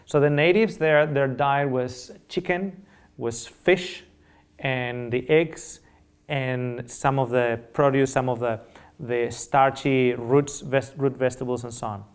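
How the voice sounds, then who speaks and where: A man's voice: mid-range voice, fairly even intonation, takes it slowly, clear, resonant tone. A middle-aged man whose first language is Spanish, giving a public nutrition lecture in earnest storytelling style, repeating phrases and checking in with the audience.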